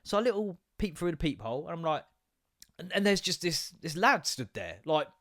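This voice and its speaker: A man's voice: a little high, a little fast. A man hosting a podcast, telling a story in a casual, sweary rant. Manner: animated, sweary, mimics voices in anecdotes. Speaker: podcast host.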